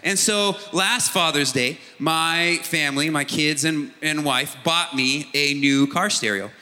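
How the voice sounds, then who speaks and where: A man's voice: fairly high pitch, a little slow, pushed and bright, faint music behind. A middle-aged man preaching a sermon, telling a personal story in a conversational way. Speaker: pastor. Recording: long hall reverb.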